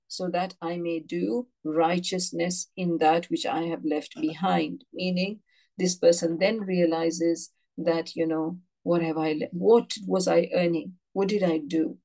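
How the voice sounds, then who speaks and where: Scripture teacher, woman, lowish pitch with a creaky edge, explains each verse and tells students what to underline. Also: warm tone, poor audio. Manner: reads a verse, then explains it in plain words and asks students to underline; conversational, with frequent "you know" and "yeah". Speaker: Quran teacher. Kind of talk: religious lesson, explaining verses.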